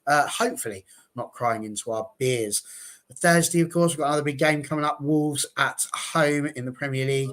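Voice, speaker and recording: A man's voice: medium pitch, a little fast, fairly bright tone. A man hosting a casual panel show, rambling and chatty with many fillers as he signs off. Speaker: host.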